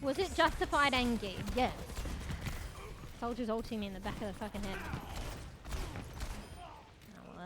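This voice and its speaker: A woman streaming a game, giving live commentary, cursing often and shouting callouts to teammates. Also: mid-range voice, a little hiss or hum. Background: background music.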